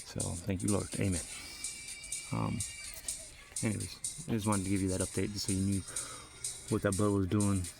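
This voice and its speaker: A man with a low, gravelly voice tells a casual, rambling story about working alongside his son. His talk is full of fillers and swearing, and faint music plays behind him. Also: level tone, moderate pace, pauses often, a little mellow. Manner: rambling and profane, with many fillers. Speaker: father giving a family update.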